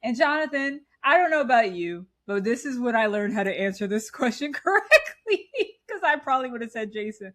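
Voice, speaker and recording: A woman's voice: on the high side, fairly quick, few pauses. A woman in her thirties co-hosting a podcast, animatedly recapping a movie in casual chat and laughing often. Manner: animated, laughing, retells scenes. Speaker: podcast co-host.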